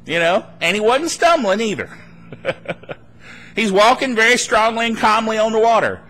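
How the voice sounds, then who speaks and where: A man preaching a live sermon at a church meeting, animated and laughing between points, acting out worried voices. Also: high voice, unhurried, long pauses. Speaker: pastor.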